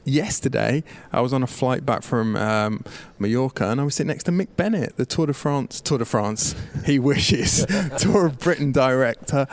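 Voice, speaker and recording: A man's voice: normal speed, few pauses. A man co-hosting a podcast, telling a story in casual chat and jumping into quoted voices. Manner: animated anecdote-telling, voices other people with big pitch jumps. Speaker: podcast co-host.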